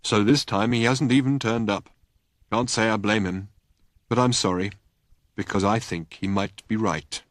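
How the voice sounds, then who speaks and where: A man's voice: lowish voice, fairly even intonation, moderate pace, no room sound, studio quality, lightly acted. A man voicing a gloomy, taciturn old male god who talks in terse, clipped phrases. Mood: grumbling.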